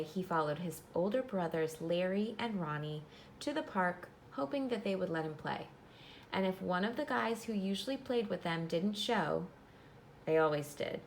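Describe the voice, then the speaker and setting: A woman teacher giving a classroom read-aloud of a storybook, reading in a clear, instructive way and pausing to explain. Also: on the low side, slight background noise.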